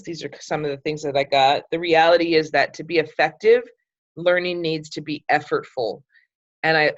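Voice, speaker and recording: A woman's voice: low voice, no room sound. Woman, middle-aged, chatty group leader, enthusiastic, fillers, dull lo-fi call audio, dry sound. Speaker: group leader hosting a book club call. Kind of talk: casual group talk.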